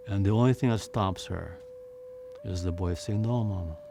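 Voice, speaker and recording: A man's voice: deep voice, moderate pace, vocal fry, background noise. A man with a Hawaiian Pidgin accent telling a legend dramatically, with emphatic repetition. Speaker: teacher storyteller. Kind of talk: oral storytelling. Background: instrumental music.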